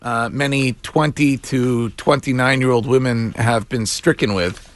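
A man hosting a morning radio show, talking in a wry, animated way with chuckling asides. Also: mid-range voice, measured pace. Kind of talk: casual talk radio banter. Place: radio studio.

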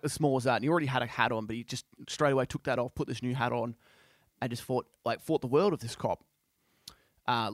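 A man's voice: medium pitch, dry recording, studio quality. Chatty man retelling a story. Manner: rambling, many fillers like "you know" and "like". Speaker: podcast host. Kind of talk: casual storytelling monologue.

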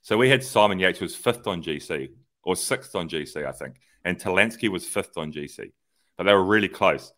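Man, very low voice, casual podcast chat, lively storytelling. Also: brisk. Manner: animated storyteller, acts out radio exchanges. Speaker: podcast co-host, former pro cyclist.

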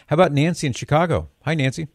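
A man's voice: fairly high pitch, fast, no room sound, clean studio sound. Older man hosting a radio call-in show. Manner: chatty, joking, lightly sarcastic. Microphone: studio microphone.

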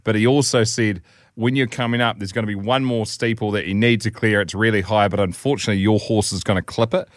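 A man co-hosting a podcast, telling stories casually, swearing freely and acting out quotes in loud, high voices. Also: fairly even intonation, fast talker, no echo, clean studio sound. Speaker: podcast co-host. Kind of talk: casual storytelling chat.

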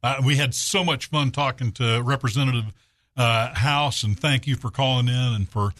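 A man's voice: medium pitch, normal speed, a bit bright, dry recording. A man filling in as a radio talk show host, chatty and folksy, telling jokes between segments in a studio. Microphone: studio mic.

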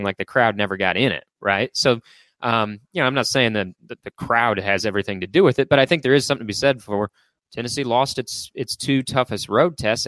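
A man with a mid-range, fairly bright voice hosts a casual sports podcast, captured in a dry recording. He talks things over conversationally with many fillers and restarts, posing questions to his co-hosts.

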